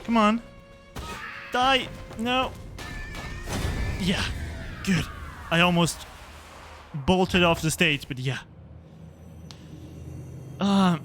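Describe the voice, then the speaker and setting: A young man gives live game-stream commentary, talking slowly and chatting with his viewers. His voice sits a little high, and faint game music plays underneath. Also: a bit bright. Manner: chatty, laughs often, answers chat.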